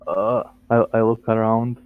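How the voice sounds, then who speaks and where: A man's voice: on the low side, little pitch movement, measured pace, no room sound. A man playing in a tabletop game, speaking hesitantly with lots of fillers. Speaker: player. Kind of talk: casual tabletop play. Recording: tinny phone-like line.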